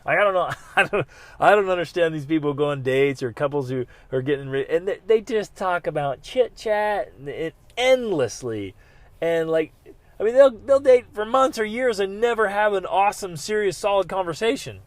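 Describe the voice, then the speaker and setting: A middle-aged man hosting a podcast, telling a story in a casual, animated way with loud exclamations at the peaks. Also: sits high, moderate pace, no echo. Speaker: podcast host.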